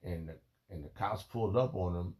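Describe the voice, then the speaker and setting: A man in a rambling spiritual monologue, emotional and halting, peppering his talk with "man" and "bro". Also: deep voice, darkish tone. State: emotional, holding back tears.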